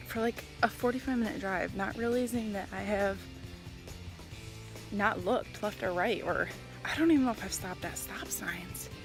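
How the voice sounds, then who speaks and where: Breathless chatty young mom vlogger. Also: female voice, mid-range voice. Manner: chatty, self-deprecating, confessional. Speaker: vlogger and stay-at-home mom. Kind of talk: casual vlog chat. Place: parked car, then outdoors on a walk.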